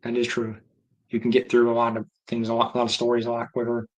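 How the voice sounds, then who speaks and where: A man's voice: mid-range voice, completely flat delivery, fast, muffled recording. A man hosting a livestream, chatting casually and rambling as he reacts aloud to viewer comments. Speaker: livestream host.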